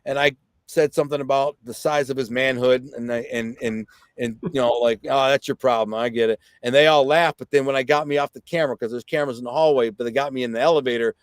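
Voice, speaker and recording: A man's voice: mid-range voice, steady tone, fast, smooth, no room sound. A man guest telling a personal story in blunt, plainspoken street talk. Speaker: podcast guest.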